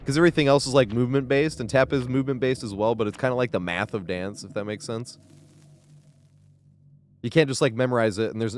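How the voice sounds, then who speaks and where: A man's voice: medium pitch, darkish tone, dry recording, studio quality. A young man streaming a game live, chatting loosely with frequent laughs and casual swearing. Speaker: gaming streamer.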